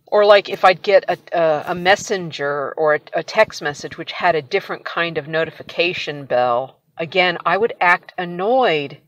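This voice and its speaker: Candid low-voiced woman telling her story. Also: normal speed, few pauses, fairly bright tone. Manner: candid, wry, laughs often while recounting. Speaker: channel host telling her own story. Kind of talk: casual personal storytelling to camera.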